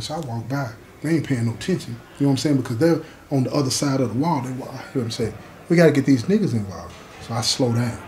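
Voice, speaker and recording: A man's voice: medium pitch, darkish tone, a little hiss or hum. Talkative man telling a story. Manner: conversational, often adding "you know what I'm saying". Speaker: host.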